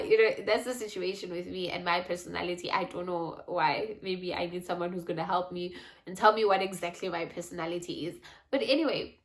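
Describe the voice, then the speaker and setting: A woman's voice: on the low side, brisk. A woman telling a personal story in a faith vlog, candid and reflective. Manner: candid, reflective, animated in retold asides. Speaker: faith and lifestyle vlogger.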